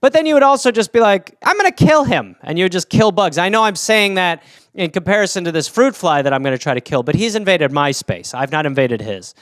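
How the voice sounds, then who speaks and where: A man from Wisconsin riffs alone on his podcast, talking in a rambling, jokey way. His voice sits fairly high and swoops up and down with lively energy. The sound is dry and close to the mic. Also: brisk, no room sound. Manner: rambling, jokey, slips into silly high-pitched character voices. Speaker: podcast host. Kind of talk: solo comedic riffing on listener topics.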